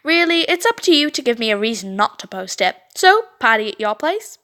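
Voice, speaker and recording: A woman's voice: sits high, very animated, brisk, pushed and bright, heavily acted. A woman reading the lines of a spiteful teenage cheerleader bully in a mocking, sing-song way. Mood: smug.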